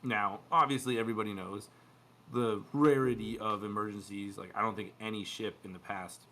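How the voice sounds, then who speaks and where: A man co-hosting a podcast, chatting casually about crew life and acting out quoted dialogue in lively bits. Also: fairly low pitch, a little fast. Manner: animated, acts out quoted dialogue. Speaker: podcast co-host, former cruise ship youth staff. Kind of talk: casual storytelling chat.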